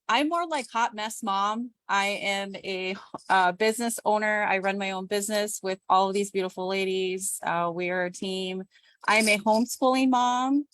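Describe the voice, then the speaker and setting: A woman's voice: mid-range voice, no room sound. Chatty self-deprecating woman on a call. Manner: chatty, self-deprecating, animated quoted voices. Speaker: business owner and homeschooling mom. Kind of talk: casual testimonial on a group call. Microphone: video call.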